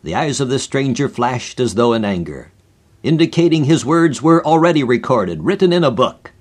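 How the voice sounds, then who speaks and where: A male radio preacher tells a story in a steady, measured voice. His pitch sits in the middle, and his delivery stays even throughout. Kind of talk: old-time radio sermon storytelling.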